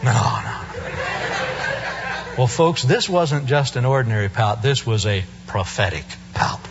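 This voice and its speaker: A man's voice: medium pitch, measured pace, vocal fry, dull audio, a crowd in the background, noisy background. A male preacher giving a sermon in a church service, telling the story with humor and playful asides.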